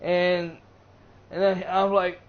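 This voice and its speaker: A man's voice: high voice, level tone, slow pace, lo-fi sound. A man on a live stream casually recapping a movie, rambling with many fillers and restarts. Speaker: gaming streamer reviewing a movie.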